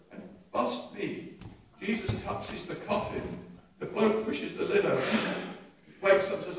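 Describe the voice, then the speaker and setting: An older man, preaching a sermon with animated humour, recorded from a distant mic in an echoey church. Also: high-pitched, creaky, slight background noise. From England. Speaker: pastor. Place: church hall.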